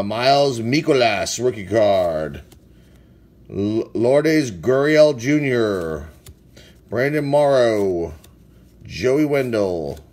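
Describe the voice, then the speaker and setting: A man's voice: on the low side, a little mellow. A man opening packs of baseball cards, casually reading out player names and sometimes stumbling over hard ones. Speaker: sports card collector opening packs. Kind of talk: casual card-break commentary.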